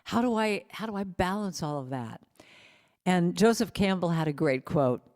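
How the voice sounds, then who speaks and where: A woman guest speaker delivers a spiritual talk built on personal stories, sometimes slipping into a line of song. Her voice sits slightly low in pitch. The sound carries a long reverb from a large hall. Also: expressive, normal speed, darkish tone. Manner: personal storytelling, breaks into sung snippets. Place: spiritual center sanctuary.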